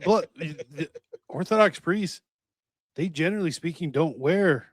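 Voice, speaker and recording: A man's voice: fairly high pitch, animated, a little slow, no room sound, clean studio sound. A man co-hosting a podcast in casual chat, making wry, joking asides. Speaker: podcast co-host.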